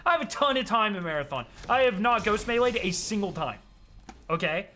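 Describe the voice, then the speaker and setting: A young man giving profane, excitable commentary while playing a game, trash-talking and bursting into yells. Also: sits high, a little fast, a little hiss or hum. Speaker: gaming video creator. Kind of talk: live gameplay commentary.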